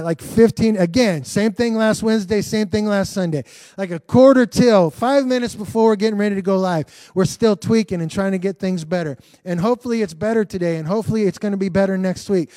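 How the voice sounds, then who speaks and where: A man's voice: high-pitched, a little mellow, dry recording. A man preaching an earnest livestreamed sermon as pastor, repeating phrases and restarting sentences. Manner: earnest, repetitive, restarts often.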